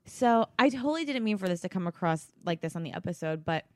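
A woman's voice: lowish voice, animated, no echo, studio quality. A woman with a New Jersey accent co-hosting a podcast, speaking candidly and from the heart in casual chat. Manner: heartfelt, candid, quick bursts of speech. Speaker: podcast co-host.

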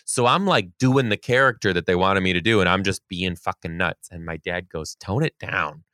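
A man co-hosting a podcast, telling stories in lively, profane casual chat and laughing often. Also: sits low, brisk, dry recording, clean studio sound.

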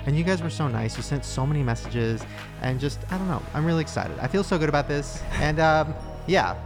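An excitable man hosting a casual podcast chat, joking and swearing freely. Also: on the high side, a little fast, music in the background. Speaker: podcast host. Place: studio couch.

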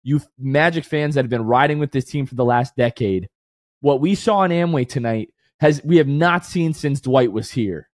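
A man's voice: mid-range voice, normal speed, no room sound. Emotional guy on a sports pod, teary but hyped, dry sound. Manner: excited, rising to shouts. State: tearful, emotional. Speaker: podcast co-host. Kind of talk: emotional sports podcast chat.

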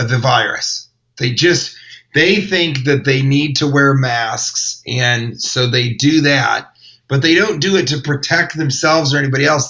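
A man's voice: mid-range voice, sharp tone, rough recording. A man, a comedian, telling a rambling, wry story in casual chat. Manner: rambling, wry, self-interrupting. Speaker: comedian and podcast host.

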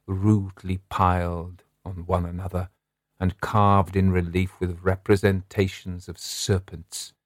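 A man narrating a Victorian horror story in a slow, dramatic, drawn-out delivery. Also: low voice, a little mellow, no echo, studio quality.

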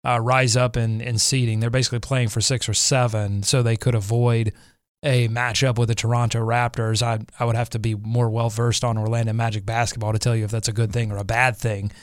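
A man's voice: medium pitch, little pitch movement, fairly quick, no room sound. A man in a mid range co-hosts a basketball podcast with wry, teasing humor. He talks casually through the matchup. The recording is dry and close. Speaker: podcast co-host. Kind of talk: casual sports podcast chat.

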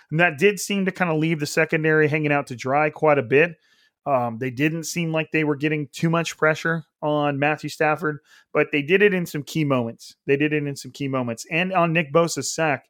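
Man, podcast host, fairly high voice, dry close sound, casual football breakdown. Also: dry recording. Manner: conversational, with frequent restarts and fillers. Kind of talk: casual sports analysis.

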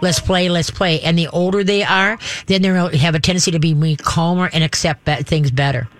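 A woman's voice: fairly low pitch, fairly quick. Folksy, chatty woman radio host. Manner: folksy and chatty, with lots of fillers and homey sound effects. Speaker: radio call-in show host. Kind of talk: casual call-in radio talk.

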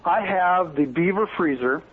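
A man's voice: high voice, unhurried, husky, narrow, tinny audio. A man from Oregon, a podcast guest chatting casually and enthusiastically about his training. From Bend, Oregon. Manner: upbeat, enthusiastic. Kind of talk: casual chat.

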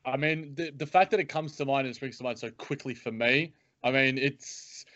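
A man hosting a sports podcast, chatting in an animated, joking way with playful asides. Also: mid-range voice, normal speed, dry recording. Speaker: podcast host. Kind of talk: casual sports podcast chat. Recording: dry, dull lo-fi audio.

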